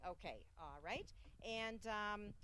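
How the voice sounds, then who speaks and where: A woman's voice: mid-range voice, lively intonation, slow, crowd noise. A woman hosting a live cooking segment, chatty and upbeat, with plenty of fillers as she promotes the ingredients.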